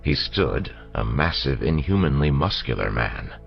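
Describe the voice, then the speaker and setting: A man narrating an audiobook in a steady storytelling manner, on a dull lo-fi recording with faint music. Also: rumbling low, a little slow, creaky. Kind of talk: scripted narration.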